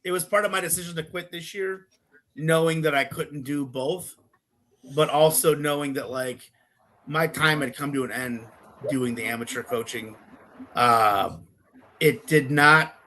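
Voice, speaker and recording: A man's voice: fairly high pitch, normal speed, sharp tone, poor audio. A middle-aged man, a guest on a podcast, chatting casually and telling profane stories while acting out the voices of the people he quotes. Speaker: podcast guest, pro wrestler and former wrestling coach.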